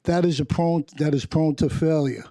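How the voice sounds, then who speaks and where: Union rep, slightly high mellow voice, dry sound, reads haltingly with restarts. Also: male voice, fairly even intonation, dry recording. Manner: halting, restarts phrases, stumbles on words. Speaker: union representative testifying. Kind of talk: reading prepared testimony. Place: council hearing chamber.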